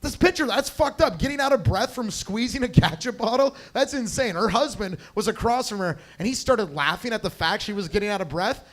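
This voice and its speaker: A young man doing a crude, rambling stand-up set, chatting with the crowd on a club stage. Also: high voice. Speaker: stand-up comedian.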